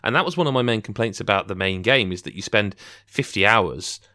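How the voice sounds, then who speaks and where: A man's voice: on the low side, fairly quick, pushed and bright, no echo, clean studio sound. A young English man co-hosting a podcast, chatting casually and rambling with jokey asides. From England. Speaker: podcast co-host.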